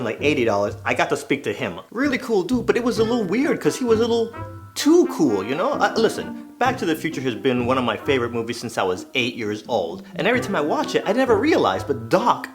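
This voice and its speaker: A man casually telling funny stories for an animated channel, breaking into loud exaggerated impressions. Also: medium pitch, quick pace, music in the background. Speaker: animated storytelling YouTuber. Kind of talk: casual comedic storytelling.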